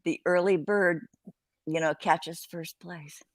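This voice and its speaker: A woman's voice: lowish voice, fairly even intonation, takes it slowly, a crowd in the background. An older woman hosting a casual live-stream chat, rambling and swearing freely as she greets viewers. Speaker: host.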